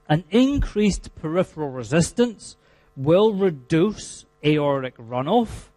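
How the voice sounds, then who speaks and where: A Scottish man teaches a physiology class in a mellow, darker voice. He leans hard on key terms, slowing down to repeat them, and tosses in dry jokes. The sound is close and dry. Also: fairly high pitch, no echo. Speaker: lecturer. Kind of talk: university lecture.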